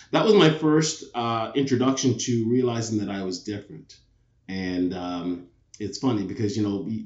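A man's voice: lowish voice, a little mellow. An English-born man with a Canadian accent, a guest talking reflectively about his life in a casual interview. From England. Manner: reflective, with frequent restarts. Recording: roomy, dull lo-fi sound.

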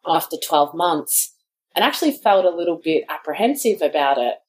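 A woman's voice: deep voice, sing-song, moderate pace. A woman from Australia, talking thoughtfully in a candid conversation. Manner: thoughtful, affirming listener.

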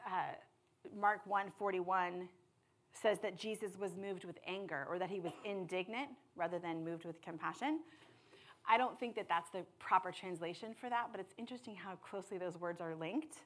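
A woman preaching a sermon with passion, dropping to hushed tones and then rising to loud appeals. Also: mid-range voice, husky. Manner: impassioned, swings from hushed to loud.

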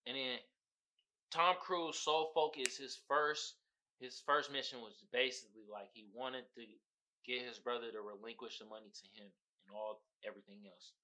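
A man's voice: medium pitch, steady tone, moderate pace, pushed and bright. A man hosting a podcast, telling a story in a casual, profane, slangy way, often laughing and acting out the people he talks about. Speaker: podcast host. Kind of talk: casual comedic podcast monologue.

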